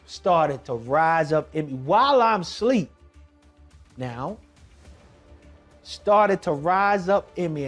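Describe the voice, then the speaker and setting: A man who is a kidney transplant recipient, telling his personal testimony in an emphatic, conversational way with slang asides. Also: fairly high pitch.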